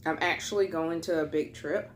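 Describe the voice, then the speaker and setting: A young woman chats through a casual mukbang storytime, filling her sentences with fillers. Her voice sits a little low, and she jumps higher when she quotes people. Faint room noise hums under her voice. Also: steady tone, normal speed. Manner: chatty, many fillers, acts out quotes in a higher voice. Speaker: vlogger.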